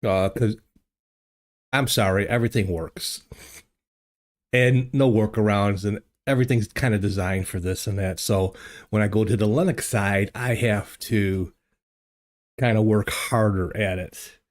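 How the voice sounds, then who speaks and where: Slow, low-voiced man chatting on a livestream. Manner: rambling, chatty, many fillers and restarts. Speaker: livestream host. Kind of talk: casual chat with live chat viewers. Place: home streaming studio. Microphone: desk microphone.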